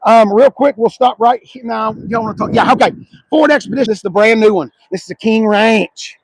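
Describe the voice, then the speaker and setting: A middle-aged man, hosting a casual walkaround car review at an outdoor car lot and mocking the cars he sees in loud, profane rants. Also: high-pitched, a little fast, breathy edge, no echo, low-quality recording.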